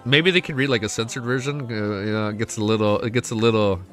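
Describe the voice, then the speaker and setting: A young man hosting a casual livestream, excitable and swearing often, reading chat aloud. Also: lowish voice, fast talker. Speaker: livestream host. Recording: faint music behind.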